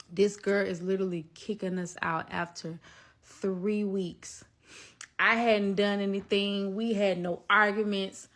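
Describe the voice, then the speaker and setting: A woman telling a personal story to her viewers, animated and emphatic. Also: mid-range voice, measured pace. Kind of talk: storytime vlog.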